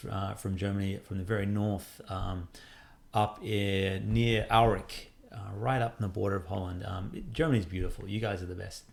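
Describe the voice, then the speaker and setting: A man's voice: on the low side, creaky. A man in his forties, an indie game developer casually answering fan questions, chatty and self-deprecating with lots of fillers. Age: 40s. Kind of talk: casual Q&A monologue.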